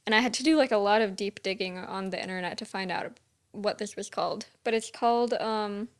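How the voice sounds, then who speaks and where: A woman's voice: medium pitch, brisk. A young woman co-hosting a podcast, talking in casual chat with lots of "like" fillers. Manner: chatty, full of "like" fillers. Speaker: podcast co-host.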